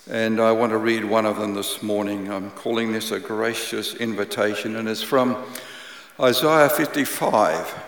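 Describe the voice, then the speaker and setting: A man preaching a sermon, praying and reading scripture in a measured, earnest way, repeating key phrases. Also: fairly low pitch, a bit bright. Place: church hall. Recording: echoey church hall with long reverb.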